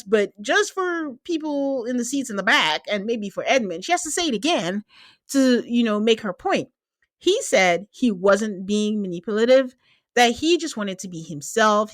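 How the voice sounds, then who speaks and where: A woman hosting a podcast, chatting casually about a reality show. She talks in an animated way with quick asides and laughter. Her voice sits at a medium pitch and the sound is dry and close. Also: no echo. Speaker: podcast host. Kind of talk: casual chat.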